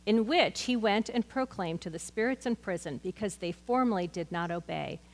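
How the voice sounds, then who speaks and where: A woman's voice: medium pitch, expressive, normal speed, long reverb tail. A woman teaching a Bible study in an earnest, conversational way, mixing scripture with personal stories.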